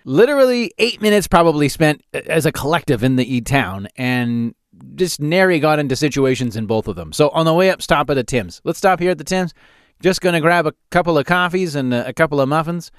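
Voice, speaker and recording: A lively man in his forties spins comic stories on his own podcast and laughs often at himself. His voice sits a little high and swings widely up and down, and the sound is close and dry. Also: brisk, clean tone, no echo. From Calgary, Canada. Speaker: podcast host. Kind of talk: solo comedic storytelling podcast.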